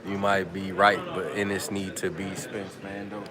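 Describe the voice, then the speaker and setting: A low-voiced man hosts a loose, slangy livestream on his phone and reads out viewers' shout-outs. Chatter from a busy room hums behind him. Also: level tone, moderate pace. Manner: laid-back slang, reads out viewer comments. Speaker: livestream host. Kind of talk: casual live chat with viewers. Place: press conference media room.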